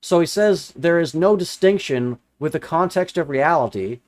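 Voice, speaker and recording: A young adult man, a religious commentator, reads a viewer's comment and rebuts it in casual commentary, sarcastic and exasperated, repeating lines for emphasis. His voice is a little high with lively intonation at normal speed.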